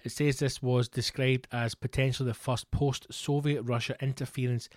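A man's voice: mid-range voice, flat delivery, normal speed, no room sound, studio quality. A Scottish man hosting a podcast, ranting sarcastically, swearing freely and reading news reports aloud. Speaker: podcast host.

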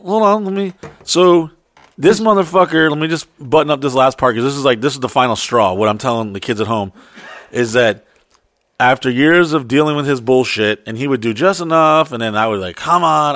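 Profane, animated storytelling man. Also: no echo, clean studio sound. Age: adult. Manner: profane, animated, acts out quotes in high voices. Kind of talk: casual storytelling chat.

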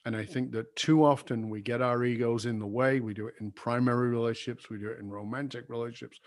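A man's voice: steady tone, fast. Older man telling an earnest, confessional story. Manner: earnest, confessional, drops soft and low when recalling apologies. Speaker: guest. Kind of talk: reflective personal storytelling.

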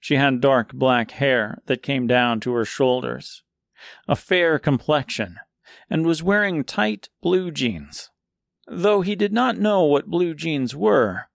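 A man reading a dark fairy-tale serial aloud in slow, measured scripted narration. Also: fairly high pitch, vocal fry, no room sound, studio quality.

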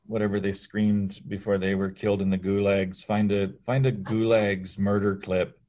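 A Canadian man co-hosting a comedy podcast over a video call, riffing in profane banter and slipping into quick mimicked voices. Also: lowish voice, little pitch movement, dark tone, lo-fi sound. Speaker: podcast co-host.

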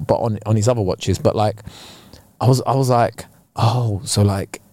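A man's voice: lowish voice, moderate pace, dark tone, no echo. A young man, co-hosting a podcast and telling a story in casual chat, full of slang and acted-out quotes. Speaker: podcast co-host.

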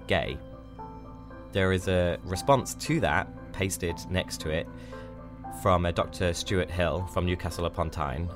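A male podcast host giving wry, conversational scripted narration. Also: low voice. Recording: narration over music.

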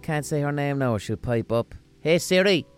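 A man's voice: medium pitch, fairly quick, faint music behind. Profane Limerick man rambling comically. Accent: Limerick Irish. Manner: rambling, profane and deadpan-humorous. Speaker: podcast host. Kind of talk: casual comic monologue.

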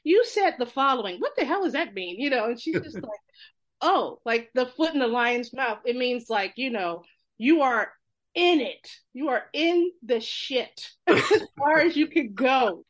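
Woman, from New York, rapid storyteller, slightly high voice, acts out voices, laughs often. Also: animated. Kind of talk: casual storytelling talk.

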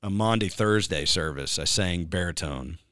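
Speaking at a normal speed in a deep yet fairly bright and clean voice, a male worship pastor chats in a loose, rambling way. Fillers crowd his speech, and he occasionally breaks into song. It's a dry, studio-quality recording.

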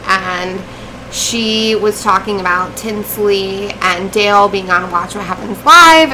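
Bright-voiced woman co-hosting a podcast. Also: mid-range voice, slight background noise, poor audio. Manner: playful, laughs often. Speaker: podcast co-host. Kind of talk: casual podcast banter.

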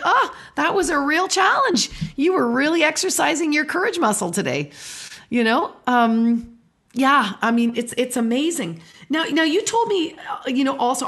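A woman hosts a casual conversation. Her voice sits a touch high, and she speaks encouragingly, reassuring her guest and reacting warmly to what she hears. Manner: encouraging, warm, responsive. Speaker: host.

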